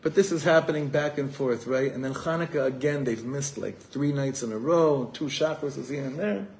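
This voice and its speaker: A man's voice: mid-range voice, normal speed, a little mellow. A man telling a story in a sermon as a rabbi at an evening gathering, acting out the voices of the people in it.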